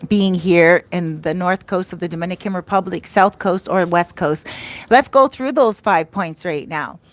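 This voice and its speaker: A woman's voice: fairly low pitch, normal speed. A woman hosting a casual livestream, chatting affectionately and reading out viewer comments. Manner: affectionate, effusive, reads viewer comments aloud. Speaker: livestream host and life coach. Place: outdoors in the Dominican Republic.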